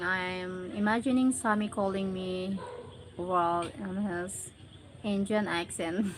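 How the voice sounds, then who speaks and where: A woman's voice: mid-range voice, fairly even intonation, takes it slowly, a little hiss or hum, low-quality recording. A Filipino woman hosting a casual livestream, chatting with viewers and often laughing as she reads their names and comments aloud. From Philippines. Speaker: livestream host.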